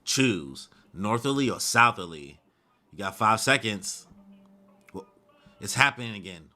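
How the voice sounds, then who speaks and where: A man's voice: on the low side, lively intonation, unhurried, bright, forceful tone. A man reading a manga aloud live and reacting with slangy asides, as the regular host of his channel.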